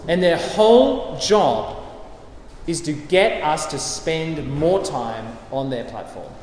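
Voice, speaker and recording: Emphatic preacher in an echoey hall. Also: male voice, sits high, a little hiss or hum. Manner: emphatic and repetitive, with light chuckles. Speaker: pastor. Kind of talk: sermon. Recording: echoey hall with faint ambience.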